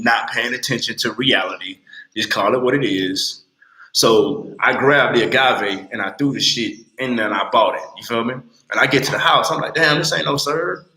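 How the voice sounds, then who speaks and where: A man in his late twenties talking bluntly and with lots of swearing on a casual livestream, telling animated stories. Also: mid-range voice, roomy sound, low-quality recording. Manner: blunt, profane, animated storytelling. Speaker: livestream host.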